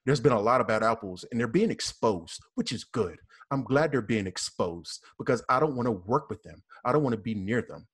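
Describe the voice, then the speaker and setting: A man's voice: medium pitch, lively intonation, a little fast, few pauses, fairly bright tone, breathy edge. A man with a Southern US accent, a police officer speaking earnestly and with repetition as a guest in a casual panel discussion.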